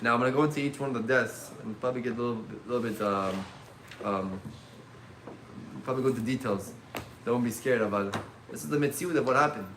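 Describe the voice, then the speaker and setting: A man teaching a religious class as a rabbi, telling stories in an animated way and mixing in Hebrew terms. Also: mid-range voice, fast, noisy background. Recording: echoey room.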